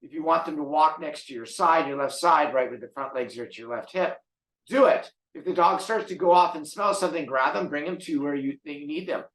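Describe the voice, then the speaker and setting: Man, dog trainer, podcast monologue; somewhat raised pitch, emphatic delivery with repeated words, roomy echo. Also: a little fast, a bit bright.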